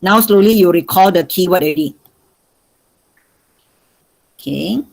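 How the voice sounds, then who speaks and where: Her voice sits fairly low, unhurried, with vocal fry and a slightly mellow quality, though the audio is poor. This Malaysian-accented maths teacher runs an online revision class, coaxing students by repeating her questions over and over.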